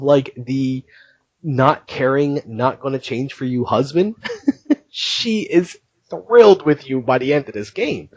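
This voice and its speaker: A man hosting a podcast, recounting things in an animated, chatty way and laughing often. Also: medium pitch, unhurried, dry recording, dull audio. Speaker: podcast host. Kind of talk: casual podcast chat.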